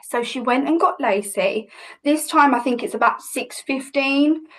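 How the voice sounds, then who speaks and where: Woman, thirties, lively personal storytelling, somewhat high voice. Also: a little slow, rough recording. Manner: animated, vivid retelling with many restarts. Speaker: podcast guest, hypnobirthing teacher.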